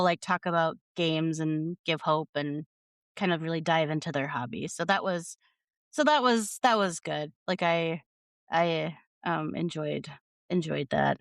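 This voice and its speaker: Woman podcast co-host, smooth low-ish voice, hesitant and rambling, dry close sound. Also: dry recording. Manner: hesitant, rambling, lots of fillers and restarts. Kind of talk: casual chat.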